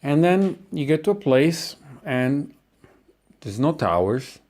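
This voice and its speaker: A man's voice: on the high side, big pitch swings, slow pace, a little mellow. A man delivering a comic monologue, ranting with lots of swearing and acted-out asides.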